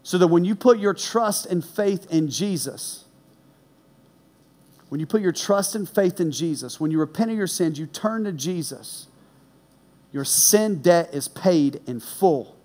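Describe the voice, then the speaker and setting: A man preaching a sermon in a high, lively voice. He tells stories with animated energy, shouting the punchlines, then drops low and quiet to make his serious points. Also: measured pace. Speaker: pastor. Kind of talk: sermon with personal story.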